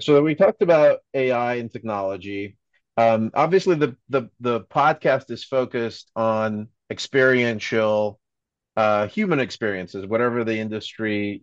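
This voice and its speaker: A male podcast host asks his questions in a halting way, stacking fillers and restarts. The recording sounds dull and lo-fi, with no room echo at all. His voice sits at a middle pitch. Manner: hesitant, filler-heavy questioning. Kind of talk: interview questions. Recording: dull, dry lo-fi audio.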